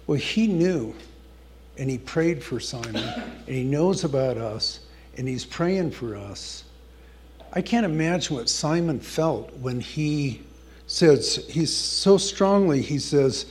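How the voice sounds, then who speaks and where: A man's voice: medium pitch, a little slow, darkish tone. A man preaching a conversational sermon, earnestly telling a scripture story and reading verses aloud with emphasis.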